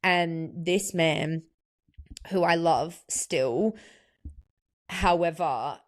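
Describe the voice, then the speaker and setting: A woman telling a personal story on her podcast in a fairly low, easy voice. She rambles candidly and confessionally, with plenty of "like" along the way. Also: very slow. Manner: confessional, rambling, heavy use of "like". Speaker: podcast host.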